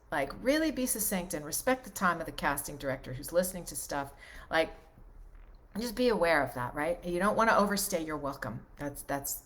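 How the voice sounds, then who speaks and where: Woman in her fifties, voiceover coach, fairly low voice, chatty, emphatic, keeps asking "right?". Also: a bit bright. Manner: conversational, often checks in with "right?" and "okay?"; emphatic, repeats key points. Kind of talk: casual coaching talk.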